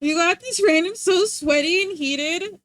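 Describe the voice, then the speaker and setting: A woman's voice: very high-pitched, measured pace, a bit bright, dry recording, clean studio sound. A young woman streamer chatting casually, rambling and laughing often.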